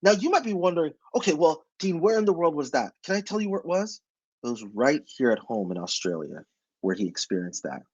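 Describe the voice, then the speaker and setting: Man, webinar presenter, emphatic, rhetorical questions, husky, dry close sound. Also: a little high, sing-song, fairly quick, a little mellow, no echo, lo-fi sound. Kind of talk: motivational webinar talk.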